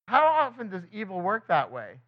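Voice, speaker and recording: A man giving a conversational sermon as a Bible teacher. He keeps asking the listeners rhetorical questions and breaks into quick acted quotes of other people. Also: sits high, huge pitch swings. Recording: dull lo-fi recording.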